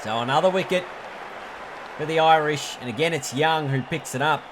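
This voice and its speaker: Calling a cricket video game play by play, a man with a slightly high voice speaks at normal speed over a noisy background. He is talkative and excitable, leaping up at key moments and fixing his own slips as he goes.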